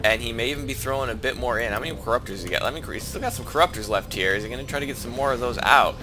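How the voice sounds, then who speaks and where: A man's voice: medium pitch, very fast, music in the background. A man giving casual play-by-play commentary on a team strategy game he is playing, thinking aloud with many restarts, his voice lifting when fights break out.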